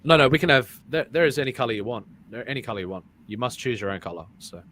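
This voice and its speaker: A man's voice: medium pitch, expressive, quick pace, noisy background. A man hosting a casual live-streamed talk show, rambling and repeating his words, often breaking into laughs. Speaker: podcast host.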